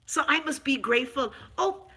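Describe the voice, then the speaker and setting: A woman's voice: high-pitched, expressive, normal speed, pushed and bright. A middle-aged Bahamian woman ranting on her vlog, sarcastic, profane and emphatic. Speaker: vlogger. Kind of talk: unscripted vlog rant.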